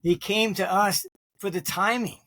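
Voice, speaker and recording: A fairly high-pitched man speaks in a dry, close recording. He answers interview questions with long, loose anecdotes, drifting between half-finished sentences and stopping often to clear his throat. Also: steady tone, measured pace, bright, forceful tone, no echo. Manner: restarts sentences, many fillers. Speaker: interview guest, market forecaster.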